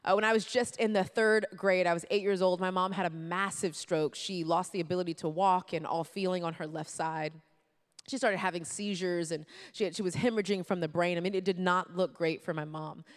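Lively woman telling a story. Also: fairly low pitch, fairly quick. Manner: lively, acts out quotes, addresses listeners directly. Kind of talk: personal storytelling to an audience.

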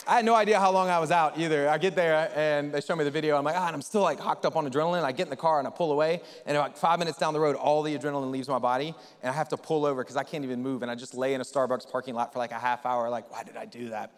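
A male pastor with a high voice delivers a lively, story-driven sermon. He keeps turning to the congregation to get them involved, and his voice carries a long reverb through the church hall. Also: rapid-fire, hardly any pauses. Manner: animated storytelling, addresses the congregation.

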